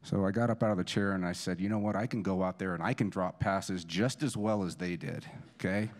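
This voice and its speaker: Speaking fairly quickly in a low-pitched voice, this man in his forties gives a eulogy at a church memorial service. He tells funny, self-deprecating stories about a friend's son, often restarting his sentences.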